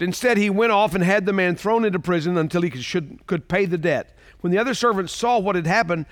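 A man's voice: sits high, no echo, clean studio sound. A man preaching a sermon as pastor, talking in a conversational way and asking his listeners rhetorical questions.

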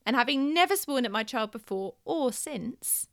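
A woman co-hosting a podcast, reading a listener's letter aloud in an expressive, storytelling way and chatting in between. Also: sits high, normal speed, no room sound, clean studio sound. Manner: expressive storytelling, often laughing.

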